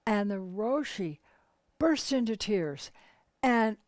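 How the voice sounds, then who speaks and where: A woman leading a spiritual workshop, telling teaching stories in a calm, measured, unhurried way. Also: mid-range voice, dry recording. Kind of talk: teaching storytelling.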